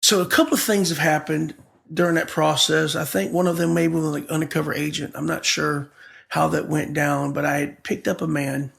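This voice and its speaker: A man's voice: fairly high pitch, flat delivery, fairly quick, vocal fry, fairly bright tone. A pastor, a man, telling his life story with feeling and acting out the dialogue as he goes. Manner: vivid storyteller who acts out the dialogue. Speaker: guest pastor. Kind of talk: emotional personal storytelling.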